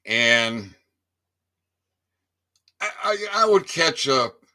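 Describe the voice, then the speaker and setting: A man's voice: medium pitch, very animated, drawn-out words, pushed and bright. A man giving a rambling casual monologue to his viewers, stammering over repeated words and swearing freely. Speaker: independent online commentator.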